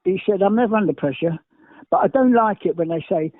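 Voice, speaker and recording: An older man from England tells emphatic, rambling stories as an interview guest, repeating himself often, briskly and with lively intonation. His voice sits high. The audio has no echo and sounds dry and tinny, much like a phone.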